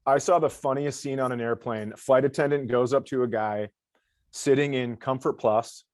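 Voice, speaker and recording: A man's voice: mid-range voice, moderate pace, a little mellow, no room sound. A middle-aged male comedian telling a story dryly in casual chat and acting out the people in it. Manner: dry storyteller, acts out the other people in his stories. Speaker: comedian guest.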